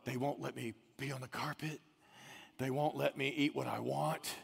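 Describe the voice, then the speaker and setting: A man's voice: medium pitch, fairly even intonation, normal speed, gravelly, slightly rough, in a large hall. A man voicing a restless female poodle who longs to run free, whiny and yearning.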